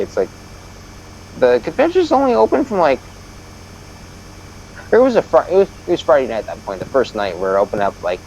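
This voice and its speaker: Male streamer, low voice, swearing, ranting storyteller; dull lo-fi mic. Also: darkish tone, a little hiss or hum. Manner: profane, ranting, exasperated. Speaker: live streamer. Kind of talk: casual storytelling while gaming.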